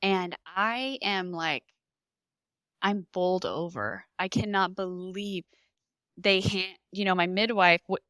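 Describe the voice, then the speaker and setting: A woman in her thirties, a podcast guest, telling her birth story in an animated way and acting out what people said. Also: fairly low pitch, takes it slowly, dry recording.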